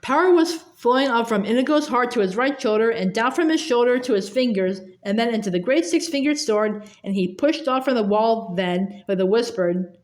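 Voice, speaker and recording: A woman reading a novel aloud in a fairly high voice. She stumbles often, repeating words and filling gaps with hesitant sounds. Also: lively intonation. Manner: halting, with many fillers and restarts. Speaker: reader.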